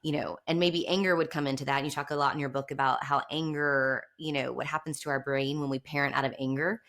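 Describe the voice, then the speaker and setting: Host wanita bersuara rendah dan santai. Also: female voice, extremely low pitch, steady tone, fast talker, fairly bright tone. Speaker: podcast host. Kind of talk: podcast interview.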